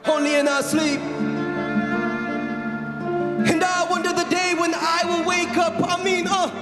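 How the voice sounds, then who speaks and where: A man's voice: very high voice, level tone, normal speed, reverberant. Man performing rhythmic spoken word poetry. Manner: rhythmic, repeating lines, rising to shouts. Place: outdoor festival stage. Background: loud instrumental music.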